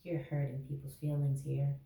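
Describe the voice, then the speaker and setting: A woman's voice: a bass voice, monotone, normal speed, warm tone. A woman giving a casual tarot reading to camera, sarcastic and laughing often. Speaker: tarot reader. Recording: echoey room, mic at a distance.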